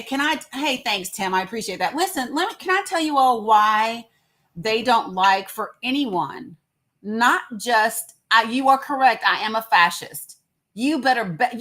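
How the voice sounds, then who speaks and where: Her voice sits on the high side, bright and forceful, as she hosts a laid-back livestream. Giving casual live commentary, she speaks with emphasis and repeats words for effect.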